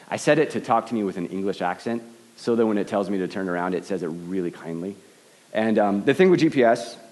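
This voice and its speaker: A man's voice: sits low, darkish tone. A man giving an earnest sermon as a pastor, often stumbling and repeating words as he starts a thought. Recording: long hall reverb.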